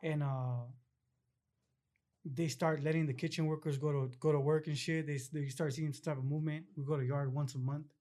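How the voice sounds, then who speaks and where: A young man with a slightly raised pitch, speaking in loose, laid-back street slang. He tells long stories in a casual interview and slips into other people's voices when he quotes them. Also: steady tone, brisk, warm tone. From Los Angeles area, California. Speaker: interview guest.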